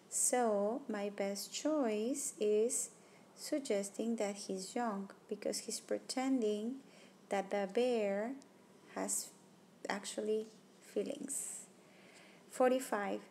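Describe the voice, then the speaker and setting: A woman's voice: on the high side, vocal fry, darkish tone, a little hiss or hum. A woman teacher talking through test questions, reasoning aloud about each answer choice and ruling them out one by one. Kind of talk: test-prep walkthrough lesson. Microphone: tablet microphone.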